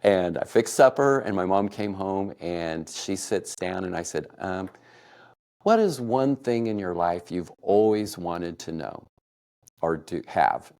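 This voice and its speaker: A middle-aged man from Kansas telling a personal family story, emotional and laughing softly now and then. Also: low-pitched, animated, measured pace. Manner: warm, emotional retelling with soft laughs. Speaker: podcast storyteller.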